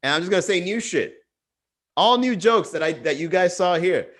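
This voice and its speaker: A man hosts a casual comedy livestream from home, talking into a computer mic. His voice sits fairly high and swings widely in pitch. He riffs loosely and swears freely, and slips into other people's voices as he goes. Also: animated, moderate pace, a bit bright. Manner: profane, riffing, acts out quoted voices.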